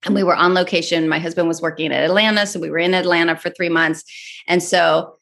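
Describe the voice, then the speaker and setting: A woman's voice: on the low side, steady tone, fast talker, creaky, fairly bright tone. A woman in her forties, a podcast guest, telling a parenting story in casual chat and acting out her own thoughts.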